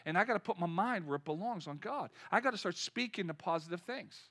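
High bright preacher guy in his fifties, gets loud then goes quiet telling stories. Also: quick pace. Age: 50s. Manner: energetic preaching, rising loud then dropping to soft storytelling. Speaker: pastor. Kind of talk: sermon.

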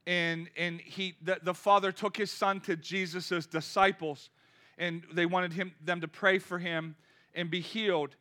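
A male pastor preaching to his congregation, with a high voice. His tone is bright and forceful, chatty one moment and loudly impassioned the next, and he keeps asking the room questions. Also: flat delivery, unhurried. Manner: conversational, rising to impassioned cries. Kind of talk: sermon. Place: church.

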